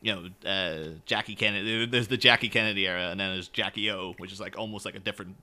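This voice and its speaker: A man's voice: low voice, fairly even intonation, fast, sharp tone. A man co-hosting a casual podcast chat, rambling informally with lots of fillers. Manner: rambling, informal, laughs easily. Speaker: podcast co-host.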